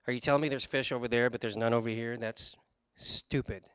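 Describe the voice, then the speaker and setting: A man preaching a sermon, telling a story in an animated way, switching between quick runs and slow, stressed words. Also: medium pitch, smooth, no echo, studio quality. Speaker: pastor.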